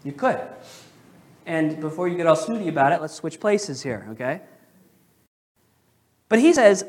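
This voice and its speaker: A male pastor preaching a sermon in a church, questioning the congregation and slowing down to stress key phrases. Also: fairly high pitch, expressive. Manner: emphatic, slows down on key phrases. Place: church sanctuary.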